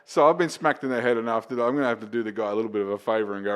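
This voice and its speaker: A man's voice: fairly low pitch, rapid-fire, smooth. A middle-aged man with an Australian accent, chatting casually as a comedian guest and telling stories with restarts and stammers. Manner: laid-back storyteller, stammers and restarts, says "mate". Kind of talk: casual chat, storytelling.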